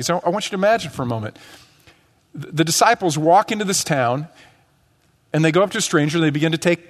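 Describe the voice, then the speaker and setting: Man preaching in a reverberant church. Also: on the high side. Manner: conversational preaching with acted-out quotes. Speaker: pastor. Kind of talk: sermon. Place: church sanctuary.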